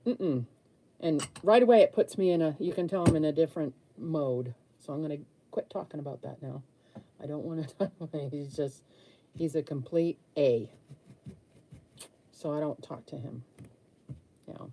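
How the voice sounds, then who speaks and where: A woman's voice: low-pitched, normal speed, pauses often, mellow, a little hiss or hum. A woman in her sixties, chatting candidly with viewers while she paints during a live stream. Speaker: livestream host answering viewer comments.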